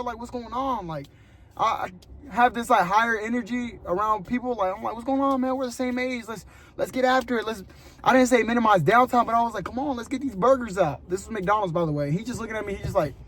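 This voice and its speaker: A young man telling stories in a casual, slangy vlog, animated and laughing often, filming with his phone from his car and then inside a store. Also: very high voice. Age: young adult. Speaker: vlogger.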